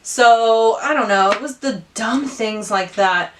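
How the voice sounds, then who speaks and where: A woman's voice: a little high, slow pace, fairly bright tone, recorded from a distance, slight background noise. A woman in her twenties, a beauty vlogger chatting candidly while doing her makeup, full of "like" fillers and hard on herself. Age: 20s. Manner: chatty, lots of "like" fillers, candid and self-critical.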